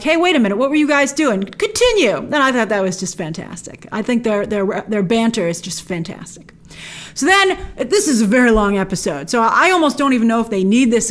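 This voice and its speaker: A woman hosting an episode breakdown, narrating scenes with enthusiasm and playful quoted lines. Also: a little high. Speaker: host.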